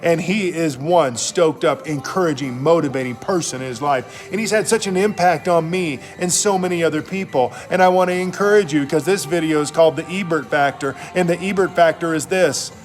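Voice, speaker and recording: A man's voice: a little high, a little fast, hardly any pauses, faint music behind. A middle-aged man, a pastor, telling stories in a casual, enthusiastic, slangy motivational talk.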